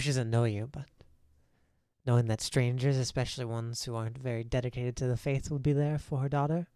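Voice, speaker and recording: A man's voice: medium pitch, mellow, dry recording, studio quality, close to an everyday voice. A man voicing a courteous churchgoer in a tabletop game, speaking formally and a little hesitantly.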